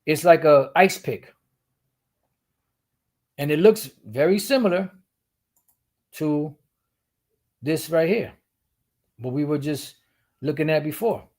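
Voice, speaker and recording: A man's voice: on the high side, slow pace, long pauses, a little mellow. A man teaching the Bible while sharing his screen, explaining step by step and often repeating and restarting his phrases.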